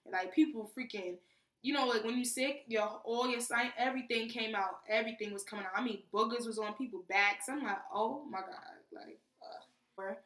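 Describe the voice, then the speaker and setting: A young woman from New tells her training story in a casual, animated vlog, peppering her talk with "freaking". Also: fairly high pitch, a little fast. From New York. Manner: animated, chatty, says "freaking" often. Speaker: soldier vlogger. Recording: echoey room, mic at a distance.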